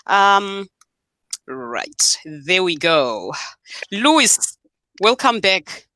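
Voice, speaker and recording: A woman hosts a live online show over a video call, firm and direct with her viewers, slipping Shona into her English. Her voice is bright and forceful. The sound is dry, with no room echo. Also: medium pitch, big pitch swings, very slow. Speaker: host.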